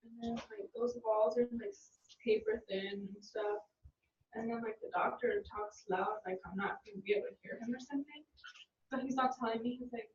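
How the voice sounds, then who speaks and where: A woman's voice: on the high side, a little fast, a little hiss or hum. Woman student, rambling anecdote, off-mic in a roomy classroom. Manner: rambling, lots of "like". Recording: roomy, distant, lo-fi classroom audio.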